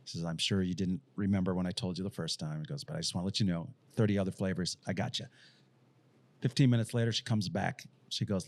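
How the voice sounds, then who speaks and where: A man's voice: sits low, fast, no echo. A man co-hosting a podcast, telling crude jokes in casual chat with friends. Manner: animated joke-teller. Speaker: podcast co-host.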